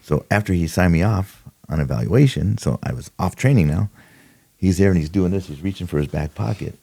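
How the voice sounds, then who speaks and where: A man's voice: sits low, expressive, a little fast, gravelly, warm tone, slightly rough. An older man, a retired detective, telling stories in a casual interview, acting out quotes and laughing often. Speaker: retired homicide detective, podcast guest.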